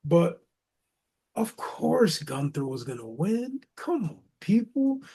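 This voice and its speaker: Podcast co-host, male, mellow tone, fairly high, animated and slangy. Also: slow pace, husky. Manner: animated, slangy, says "bro" and "man". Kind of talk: casual wrestling talk.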